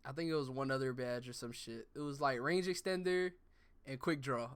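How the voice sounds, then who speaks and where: A man's voice: medium pitch, normal speed, clear, resonant tone, dry recording. A man in casual chat, teasing his co-host, cursing and laughing a lot. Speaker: podcast co-host.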